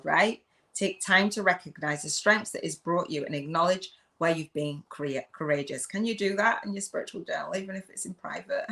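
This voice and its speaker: This low-voiced, middle-aged woman from England runs a live video chat as a spiritual business coach, and she's loud and effusive with plenty of laughter.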